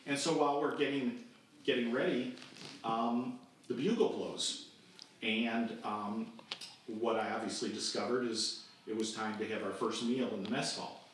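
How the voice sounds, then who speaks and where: A man's voice: medium pitch, unhurried. A man in his sixties, a podcast guest, telling a childhood camp story and acting out the voices of the people in it. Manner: animated storyteller who acts out quoted voices. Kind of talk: storytelling interview. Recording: distant echoey remote recording with faint noise.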